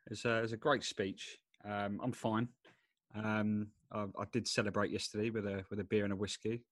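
A man's voice: fairly low pitch, level tone, moderate pace, fairly bright tone, dry recording. A man from England co-hosting a football podcast, chatting casually and hesitantly, often repeating his words. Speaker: podcast co-host. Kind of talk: casual chat.

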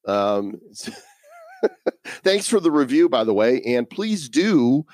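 A man's voice: mid-range voice, sing-song, slow, a little mellow, no echo. Jokey male podcast host, dry sound. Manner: jokey, laughs often. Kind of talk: casual chat.

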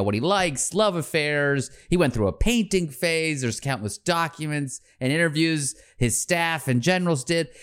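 Young male host, casual comedic chat, smooth and slightly high-pitched, laughs a lot. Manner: laughing, loose and talkative. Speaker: podcast host.

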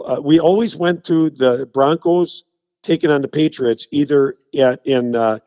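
A middle-aged man, a radio guest telling animated anecdotes in casual chat. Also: fairly high pitch, a little slow, no echo. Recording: slightly dull, dry sound.

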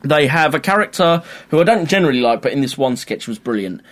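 A man's voice: mid-range voice, quick pace. A man co-hosting a podcast, chatting casually and acting out sketch voices as he tells stories. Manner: animated, acts out sketch voices. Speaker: podcast co-host. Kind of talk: casual chat.

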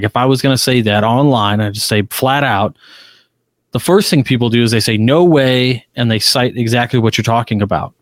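Man, podcast co-host, emphatic, animated, middle pitch, dry room. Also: dry recording. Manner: emphatic, animated, frequent restarts. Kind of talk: casual panel discussion. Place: Chicago.

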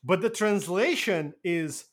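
Portuguese-native guy cohosting a podcast, kinda high voice, animated and jokey, swears casually. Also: slow pace. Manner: animated, joking storyteller who swears casually. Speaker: podcast co-host. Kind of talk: casual chat.

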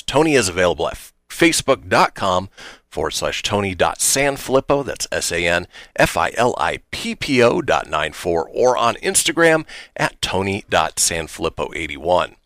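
A man's voice: medium pitch, sharp tone, dry recording. A man hosting a casual radio talk show, upbeat and jokey, reading out contact details to listeners.

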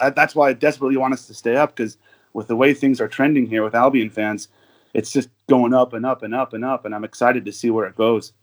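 American guy rambling on a podcast, lots of likes and uhs, mid voice. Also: medium pitch. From United States. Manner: rambling storyteller with many fillers and restarts. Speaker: guest, overseas football supporter. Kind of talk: casual podcast chat.

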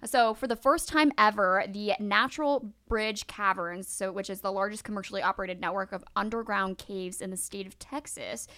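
Woman podcast cohost, bright voice, animated, laughs a lot. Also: mid-range voice. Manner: animated, laughs often, reads news stories aloud. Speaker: podcast co-host. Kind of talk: casual chat.

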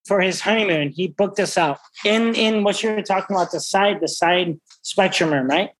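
A middle-aged man, a restaurant owner, talking brashly and profanely in a casual interview, full of excited stories. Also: sits high, normal speed, low-quality recording. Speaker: restaurant owner and wine expert.

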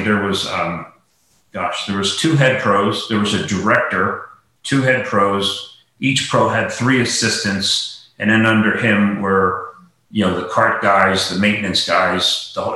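Pennsylvania-raised golf pro guest, rambling storyteller; bright, forceful tone in a very echoey room. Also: male voice, on the low side. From Lancaster, Pennsylvania. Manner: rambling, many "you know" fillers. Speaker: podcast guest, golf professional. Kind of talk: casual storytelling.

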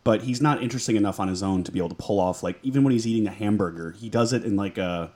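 A man's voice: fairly low pitch, rapid-fire, dark tone. A man co-hosting a casual podcast about a film, rambling with laughing asides. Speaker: podcast co-host.

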